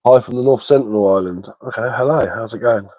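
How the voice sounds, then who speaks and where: A man, a little hoarse from being ill, chatting casually on a livestream and answering comments with lots of hesitant fillers and repeated words. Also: on the low side, fast, warm tone, no echo, poor audio. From England. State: slightly hoarse from illness. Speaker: bushcraft livestreamer.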